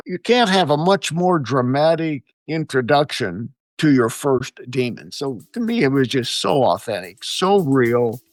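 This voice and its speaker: Older man telling lively stories. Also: mid-range voice, slow, dry recording, studio quality. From United States. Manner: animated storyteller, chuckles often. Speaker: guest, exorcist. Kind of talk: storytelling interview answers.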